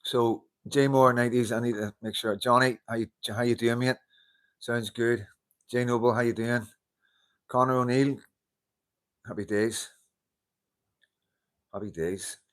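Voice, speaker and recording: A man's voice: mid-range voice, fairly even intonation, measured pace, long pauses. A man hosting a casual live-stream chat, greeting viewers, laughing often and swearing casually into a handheld mic. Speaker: livestream host. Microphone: handheld wireless mic.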